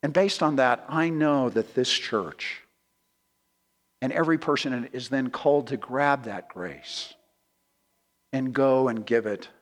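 A man's voice: mid-range voice, unhurried, pauses often, big-room sound. A man preaching a sermon as a guest pastor in a church, emphatic and repeating key words as he addresses the congregation as friends.

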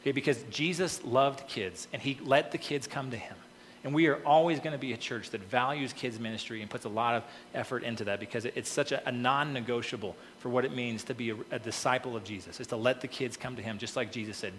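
A male pastor preaches in a casual, talky way, breaking up his scripture reading with quick "okay" asides. His voice sits at an ordinary middle pitch. The sound carries a long reverb tail from a church hall, with a faint hum of room ambience behind it. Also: fairly bright tone. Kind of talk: sermon.

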